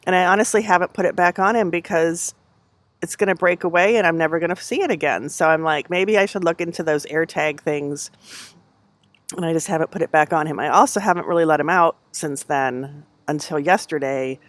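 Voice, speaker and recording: A middle-aged woman chats on her home livestream through a headset, rambling from one thought to the next with plenty of fillers and easy laughs. Her voice sits a little low. The sound is close and dry, with no room echo. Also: fairly quick. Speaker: knitting livestream host. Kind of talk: casual chat.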